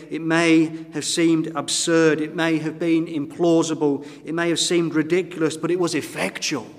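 A man preaching a sermon, retelling the story dramatically and voicing the doubts of the crowd. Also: a little high. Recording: long reverb of a church hall.

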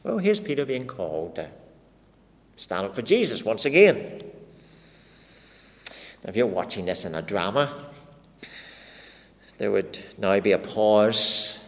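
A man's voice: fairly low pitch, very animated, a little slow, long pauses. A man preaching an expository sermon, dramatic and full of rhetorical questions put to his listeners. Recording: long reverb of a large hall.

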